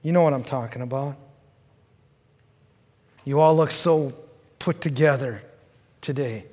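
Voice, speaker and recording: A male pastor preaching a sermon, asking the congregation questions and swinging from fervent pleading to quiet, low reflection. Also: a little slow, in a large hall. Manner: earnest and questioning, rising to fervent pleading then dropping low.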